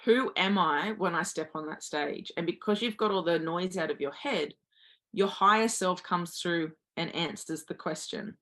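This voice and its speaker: A woman's voice: on the low side, moderate pace, a bit bright. A woman guest giving earnest motivational advice, speaking directly to listeners as a confidence coach.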